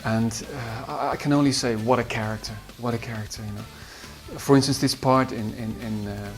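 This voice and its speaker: This is an interview in which a composer from the Netherlands reminisces about his singers. His medium-pitched voice has fairly even intonation at a moderate pace, his Dutch accent is noticeable, and he hesitates a lot with fillers and restarts. Guitar music plays faintly behind him.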